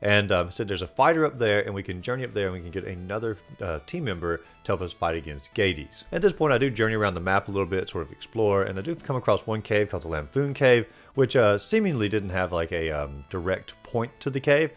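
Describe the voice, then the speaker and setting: A man's voice: lowish voice, sing-song, fast talker, hardly any pauses, faint music behind. A man hosting a video game playthrough recap, talking in a casual, rambling way with lots of fillers. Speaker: host.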